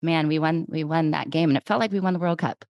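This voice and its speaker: A woman in her forties hosting a podcast, telling a lively story in casual chat and acting out her own past thoughts. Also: low-pitched, fast, no room sound, muffled recording. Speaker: podcast host.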